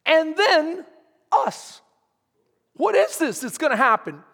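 A man's voice: very high voice, big pitch swings, slow pace, a bit bright, big-room sound. A man preaching a sermon as pastor, emphatic and quizzing his congregation. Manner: emphatic, asks the congregation questions.

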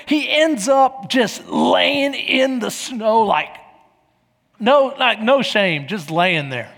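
A man's voice: sits high, slow, gravelly. A man from Texas, preaching a sermon in a church and acting out the people in his stories. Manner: animated, acts out quoted voices. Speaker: pastor. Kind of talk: sermon with storytelling. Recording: echoey hall.

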